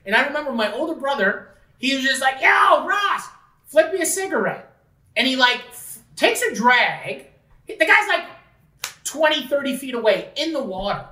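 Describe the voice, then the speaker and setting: A man's voice: very high voice, lively intonation, normal speed, pushed and bright, reverberant, far from the mic. A man from the Niagara region of Ontario, telling long rambling stories with lots of filler words and swearing on a casual podcast. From Niagara region of Ontario, Canada. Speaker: podcast host.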